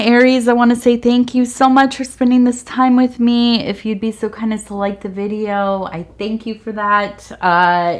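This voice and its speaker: A woman giving a soft-spoken ASMR tea leaf reading, meandering with fillers and sometimes dropping to a whisper. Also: mid-range voice.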